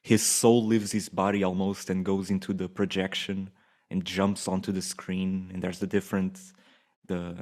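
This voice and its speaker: A man co-hosting a casual film-review podcast. He speaks in a relaxed, thoughtful way and often restarts his sentences. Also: deep voice. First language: Portuguese. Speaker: podcast co-host.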